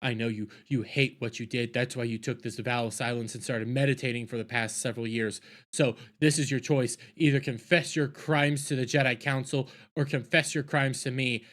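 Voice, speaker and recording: A man voicing a grim, vengeful female warrior in a low, flat accusing tone while recapping a series. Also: moderate pace, close to an everyday voice.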